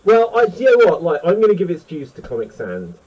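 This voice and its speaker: A man hosting a casual panel chat, excitable and chatty. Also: on the high side, fairly quick, muffled recording. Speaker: host.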